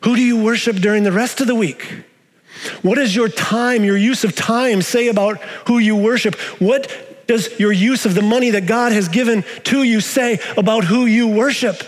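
Male pastor, sermon, higher-pitched voice, long hall reverb, quiet low passages and emphatic questions. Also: normal speed. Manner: preaching with wide swings between quiet low stretches and raised emphatic questions. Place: church sanctuary.

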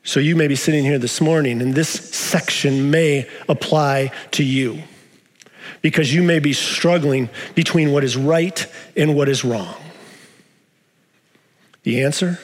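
A male pastor delivering a sermon, moving between quiet low stretches and raised, emphatic questions to the congregation. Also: steady tone, takes it slowly, long pauses. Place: church sanctuary. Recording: long reverb of a large hall.

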